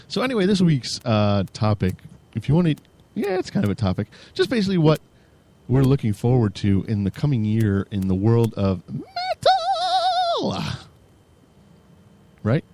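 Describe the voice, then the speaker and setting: In this casual podcast banter, a weary co-host speaks at normal speed with a medium, a little mellow voice whose pitch swings hugely. He clowns around, slipping into fake radio-DJ and metalhead voices, curses freely and laughs often, over slight background noise.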